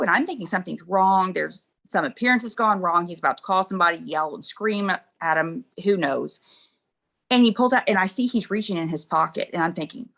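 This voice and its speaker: Gravelly-voiced woman sharing a story. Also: mid-range voice, lively intonation, fairly quick, fairly bright tone. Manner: candid, laughs through her stories. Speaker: interview guest. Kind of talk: emotional personal storytelling.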